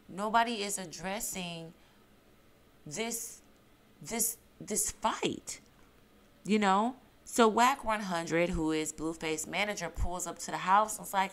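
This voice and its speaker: A woman's voice: lowish voice, slow, a bit bright. A woman giving emphatic reality TV recap commentary, repeating her points and asking her viewers questions. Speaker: YouTube commentator.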